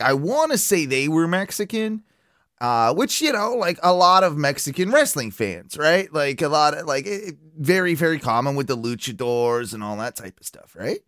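A man's voice: medium pitch, fairly bright tone, dry recording, studio quality. A man co-hosting a podcast in casual chat, rambling and filling his talk with "like" and repeats. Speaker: podcast co-host.

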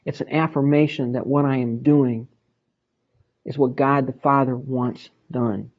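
A man's voice: mid-range voice, steady tone, measured pace. A man teaching a Bible study in an emphatic way, repeating words for stress. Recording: dull lo-fi recording.

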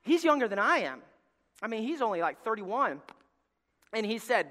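A middle-aged male pastor preaching a sermon, telling stories and swinging between shouted lines and hushed, soft passages. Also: high-pitched, sing-song, moderate pace, long pauses. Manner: storytelling preacher, swings from shouting to near-whispers. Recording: long hall reverb.

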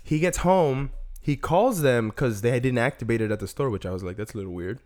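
A man's voice: medium pitch, normal speed, a little mellow. A man chatting casually with a friend, retelling stories in a slangy way and doing the voices of the people in them. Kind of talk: casual chat.

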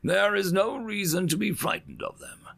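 A man voicing a composed alien noble who speaks gently and formally to his mother. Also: high voice, normal speed, creaky, slightly rough, pitched above the performer's own voice, heavily acted. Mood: patient.

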